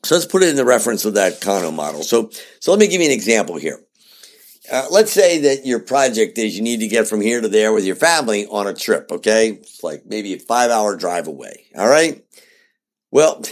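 A man giving a casual spoken lesson on project leadership, talking in a conversational way and checking in with his listeners. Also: mid-range voice. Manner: animated and conversational, often checking in with "okay?".

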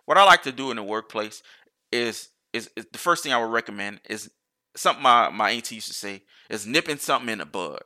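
Man, casual solo rant, bright tone, profane, rambling restarts. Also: medium pitch, animated, quick pace. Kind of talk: casual monologue.

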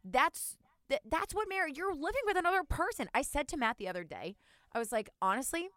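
A woman in her thirties co-hosting a casual chat show, telling stories with animated, indignant energy. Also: brisk, no echo, clean studio sound. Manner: animated storytelling, jumps high when indignant. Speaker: podcast co-host.

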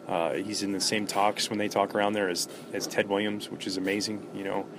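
A low-pitched middle-aged man recounts clubhouse stories in a loose, chatty interview. He talks with plenty of fillers and restarts. A clear room hiss runs behind him. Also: a little fast. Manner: animated anecdotes with many fillers and restarts. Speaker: former baseball player, guest. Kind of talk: relaxed interview storytelling.

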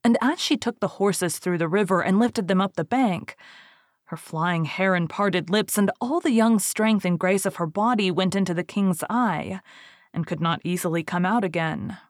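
A woman reading an old storybook tale aloud in a measured, steady way. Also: fairly low pitch, no room sound, clean studio sound.

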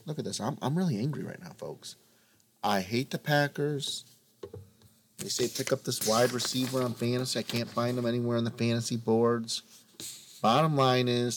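A man's voice: mid-range voice, a little hiss or hum. A man co-hosting a sports podcast, ranting theatrically and calling his listeners folks. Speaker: podcast co-host. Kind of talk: casual sports talk.

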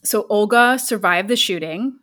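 A woman co-hosting a podcast, casually retelling a story with chatty asides and quick self-corrections. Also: medium pitch, fairly bright tone. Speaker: podcast co-host.

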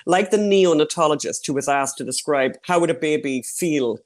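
Animated man promoting his podcast. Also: fairly high pitch, moderate pace. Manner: animated, repeats phrases, many fillers. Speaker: podcast producer, guest. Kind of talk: casual interview chat.

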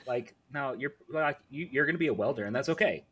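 A man's voice: mid-range voice, fast talker, breathy edge. A man co-hosting a movie podcast, cracking jokes and explaining things in a casual chat. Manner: joking, explains rules in a steady way. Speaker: podcast co-host.

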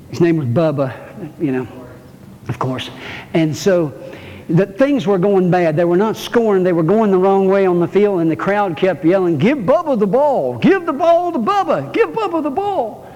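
This pastor has a high voice with a dark tone, and he preaches in a folksy, joking style while calling out to the people in the pews. We hear him in a church sanctuary through a muffled, echoing recording.

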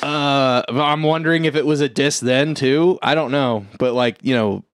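A man's voice: mid-range voice, moderate pace, clear, resonant tone, no echo, clean studio sound. A man co-hosting a casual podcast, retelling a movie plot and acting out the characters in bursts of swearing and laughter. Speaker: podcast co-host. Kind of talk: casual movie recap chat.

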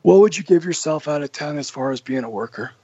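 A man's voice: fairly high pitch, animated, fast, warm tone, slightly rough, no room sound, voice pushed up. A man doing an impression of a blunt, skeptical middle-aged male wrestling boss. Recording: muffled lo-fi audio.

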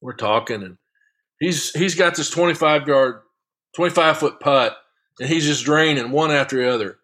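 A man's voice: on the high side, moderate pace. Chuckling man spinning a golf yarn. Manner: lively, chuckling raconteur. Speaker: guest, long drive golfer. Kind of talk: casual storytelling anecdote.

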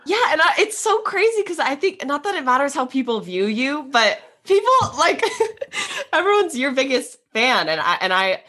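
Bright, lively woman, effusive. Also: high-pitched, normal speed. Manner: effusive, emotional, praising. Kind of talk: emotional casual chat.

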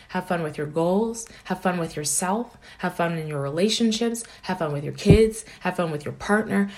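A woman life coach giving an earnest, encouraging motivational talk, often checking in with "right?". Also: mid-range voice.

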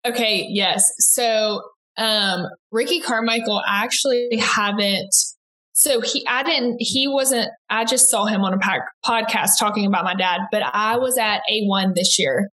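A woman's voice: medium pitch, pushed and bright. Chatty young Southern US woman. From American South. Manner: chatty, quick-talking, many likes and restarts. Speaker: interview guest, aspiring broadcaster. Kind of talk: casual interview chat.

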